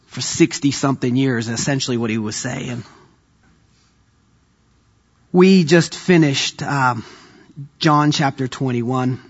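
Male preacher, husky and a touch high, sermon storyteller, muffled recording. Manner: storytelling, acts out quoted voices, builds to emphatic peaks.

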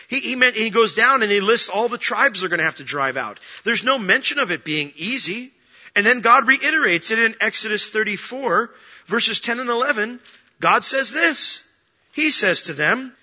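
A male preacher giving a sermon, reading scripture aloud with strong emphasis and an expressive delivery. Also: high voice, moderate pace, highs cut off.

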